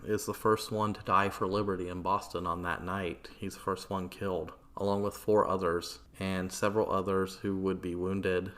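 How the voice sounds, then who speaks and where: Deep-voiced casual podcast host. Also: male voice, level tone, normal speed, few pauses, a bit bright. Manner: casual, swearing, filler-heavy. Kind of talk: casual history storytelling.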